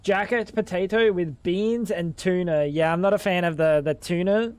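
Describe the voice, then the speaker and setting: A man with a high-pitched, slightly mellow voice streams a game at a moderate pace on a dry recording. Chatting casually, he rambles and thinks aloud, swearing plenty along the way.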